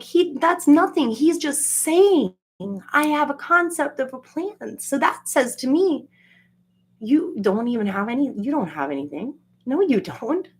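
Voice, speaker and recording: A woman in a casual solo monologue, ranting profanely with lots of fillers and acting out quoted voices. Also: breathy edge. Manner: profane, animated, jokey rants with frequent fillers; acts out quoted voices with jumps in pitch. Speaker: solo vlogger.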